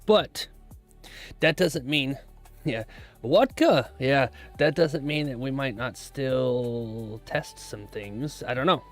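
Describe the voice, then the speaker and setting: A futures trader hosting a live stream chats easily and casually with viewers while he checks charts. He has a medium-pitched voice and a slow pace, with soft music playing in the background.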